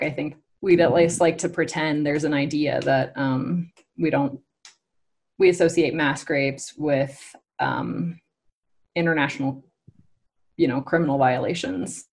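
A young woman talking through a topic in casual conversation, thoughtful and hesitant, with many fillers and restarts. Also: sits low.

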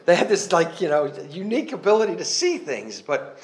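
A man's voice: sits high, sing-song, fairly quick. A man giving a personal testimony to a church congregation, earnest and conversational, with self-mocking humor and a rambling way of restarting his sentences.

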